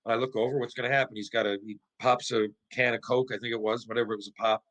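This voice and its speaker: A middle-aged man, a former pro hockey player and podcast guest, tells stories in casual conversation. He is animated and profane, restarts often and asks rhetorical questions. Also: medium pitch, quick pace, low-quality recording.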